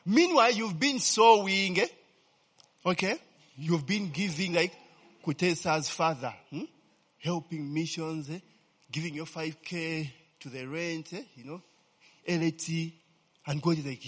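Brief: male preacher, somewhat high voice, husky, casual joking sermon, keeps asking the crowd "eh?", long hall reverb. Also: slow, long pauses, fairly bright tone. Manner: peppers talk with "eh?" and "okay?" checks to the congregation; asks the crowd questions and fills in his own answers. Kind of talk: humorous conversational sermon.

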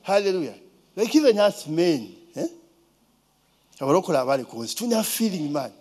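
Ugandan man, high voice, very lively pitch, casual storytelling, rhetorical questions. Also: a little fast. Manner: animated, rhetorical questions, mimics a child's voice.

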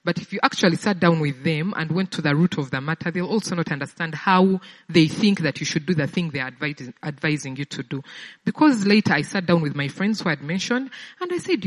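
A woman's voice: low-pitched, animated, fairly quick, long reverb tail. A woman giving a sermon-style personal testimony in a conversational way, often repeating words as she searches for them. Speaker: speaker sharing a personal testimony.

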